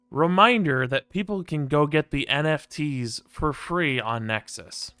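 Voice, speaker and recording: A man's voice: fairly high pitch, takes it slowly, fairly bright tone, smooth, no room sound, clean studio sound. A man streaming a game, chatting casually and ranting with plenty of profanity and wry asides. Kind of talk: casual gameplay commentary.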